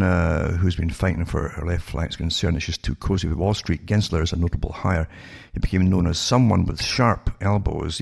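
Sardonic and gravel-voiced, this man speaks low with a darkish tone. He's a political commentator delivering a monologue, reading news articles and commenting on them while posing rhetorical questions to the audience.

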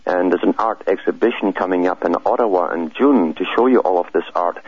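Deep husky guy on radio, halting explainer, dry muffled sound. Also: no echo. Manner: hesitant, repeats words, steady explaining. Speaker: radio guest. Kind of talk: conversational radio interview.

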